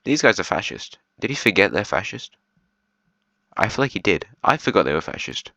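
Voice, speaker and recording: A man's voice: on the low side, very animated, a little fast, gravelly, bright, forceful tone, no echo, poor audio. A man giving casual, rambling commentary on a video series, chatty and half-joking, with lots of ums and restarts. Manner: half-joking, with short laughs.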